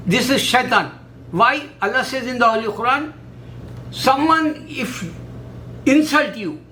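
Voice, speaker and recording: A man speaking halting, repetitive in a casual monologue, full of fillers. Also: very high voice, sharp tone, slight background noise, low-quality recording. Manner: halting, repetitive non-native English with many fillers. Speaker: religious video maker.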